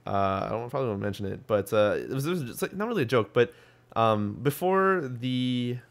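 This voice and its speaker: A man's voice: medium pitch, lively intonation, fairly quick. A young man hosting a podcast, chatting casually about gaming news with lots of ums and restarts. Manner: rambling, full of ums and restarts. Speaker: podcast host.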